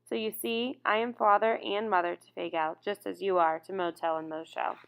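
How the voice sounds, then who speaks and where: A woman reading a calm, soft-voiced teenage boy. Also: mid-range voice, moderate pace, vocal fry, clear, resonant tone, natural voice. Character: calm gentle teenage boy, quietly determined. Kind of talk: audiobook character reading.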